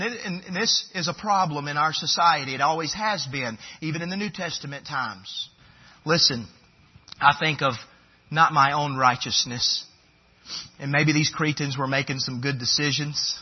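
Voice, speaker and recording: Man, pastor, husky voice, fervent sermon, dull lo-fi recording. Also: a little high. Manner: preaching with rising fervor, emphatic repetitions.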